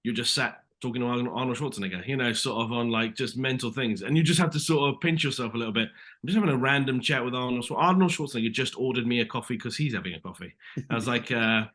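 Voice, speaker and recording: A British man in his thirties chats as an interview guest, the words pouring out fast. His voice sounds bright and forceful. He rambles through his stories with plenty of restarts and an easy "mate" thrown in. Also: medium pitch. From Britain. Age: 30s. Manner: rambling storyteller, many restarts, says mate. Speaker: actor guest. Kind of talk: casual interview chat.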